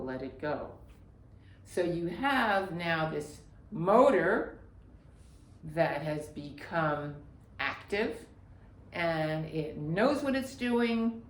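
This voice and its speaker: A woman's voice: on the low side, slight background noise. A woman teaching a breathwork lesson, talking emphatically, repeating her cues and checking in with "right?". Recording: echoey room.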